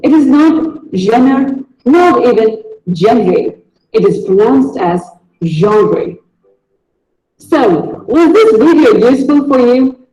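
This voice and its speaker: A man teaching pronunciation in a video lesson, deliberately saying each word and repeating it as a drill. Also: very high-pitched, animated, mellow, echoey room, muffled recording.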